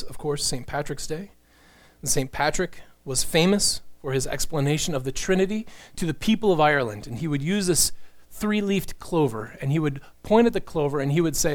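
A middle-aged man preaching a sermon, earnest and animated, with joking asides to the congregation. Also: a little high, moderate pace. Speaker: pastor.

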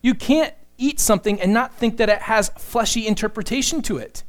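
A man's voice: high voice, brisk. A man preaching a sermon, explaining scripture in an earnest teaching manner and acting out quoted lines. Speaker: pastor.

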